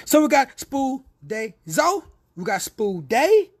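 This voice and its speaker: A man leads a word study like a sermon, with a fairly high, husky voice. His pitch rises and falls widely as he repeats phrases and calls out listeners one by one. He breaks off into playful, teasing asides. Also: takes it slowly. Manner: animated, repetitive, calls listeners by name. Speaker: spiritual word-study teacher. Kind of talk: preacher-style lecture.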